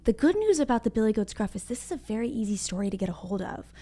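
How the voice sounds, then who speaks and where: A young woman with a fairly high voice leads a read-aloud lesson for small children. She is upbeat and cheerful, and she speaks to her young listeners as friends. She sounds like a patient kindergarten teacher. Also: big pitch swings, quick pace, mellow.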